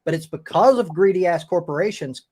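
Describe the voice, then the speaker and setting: A man's voice: high-pitched, expressive, fairly quick, darkish tone. A man hosting a live-stream debate, arguing emphatically and swearing often. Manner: emphatic and profane, with frequent restarts. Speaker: host.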